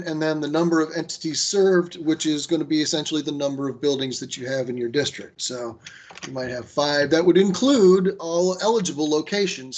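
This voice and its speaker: A man with a slightly higher voice presents a training session over a video call. He talks in a loose, conversational way, full of fillers and restarts, and he gives firm advice. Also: darkish tone.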